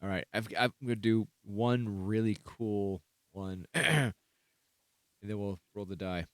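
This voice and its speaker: A man's voice: on the low side, takes it slowly, smooth, dry recording, clean studio sound. A man hosting a casual podcast, running the game and laughing often. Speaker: podcast host. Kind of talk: casual chat.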